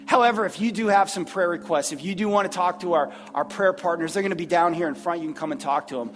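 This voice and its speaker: A man preaching a sermon as pastor, earnest, often repeating words and pausing. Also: high voice, fairly bright tone, in a large hall. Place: church sanctuary.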